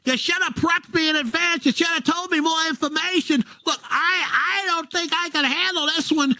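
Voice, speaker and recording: A man's voice: very high-pitched, moderate pace, no room sound, voice pushed up, full character voice. A man voicing an exasperated male tow truck driver who rants at his dispatcher that he cannot handle the job. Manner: ranting, fed up, shouting at dispatch.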